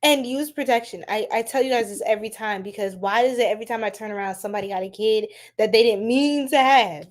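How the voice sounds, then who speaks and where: A young woman hosting a casual tarot-reading livestream, chatty and quick to laugh, talking straight to her chat. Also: fairly high pitch. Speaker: tarot reader, livestream host.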